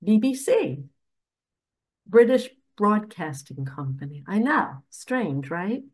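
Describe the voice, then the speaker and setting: A woman's voice: mid-range voice, very animated, slow. A woman earnestly telling a personal story about a nightmare, speaking with emphasis. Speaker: religious speaker.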